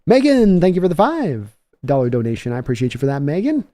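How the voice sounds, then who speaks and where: A man's voice: on the high side, wildly swooping pitch, quick pace, dark tone. A man hosting a live stream, giving casual play-by-play commentary and chatting with viewers between plays. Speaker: livestream host giving play-by-play reaction.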